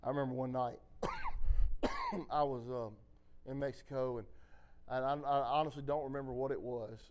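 A man preaching a sermon in a church, switching between impassioned exhortation and quiet, confessional storytelling. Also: mid-range voice, huge pitch swings, moderate pace. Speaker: pastor.

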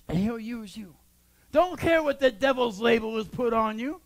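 A man who is a church pastor, preaching a sermon and building to shouted exhortations. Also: very high-pitched, expressive, moderate pace.

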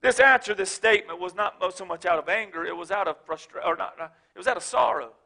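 A man preaching a sermon as pastor, swinging from shouted emphasis to low, joking asides. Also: quick pace, creaky. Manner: casual, joking, speaks of his wife.

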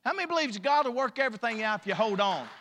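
Pastor guy preaching, folksy, big swings in loudness, long echo from the church hall. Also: extremely high pitch, lively intonation, rapid-fire, some chatter behind, slight background noise. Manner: emphatic preaching, rises and drops in loudness, folksy. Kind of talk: sermon. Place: church sanctuary.

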